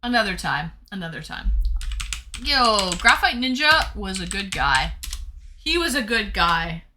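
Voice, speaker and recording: Bubbly woman streamer, very bright and lively, effusive casual chat. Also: mid-range voice, unhurried, a little hiss or hum. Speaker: streamer hosting viewer dates.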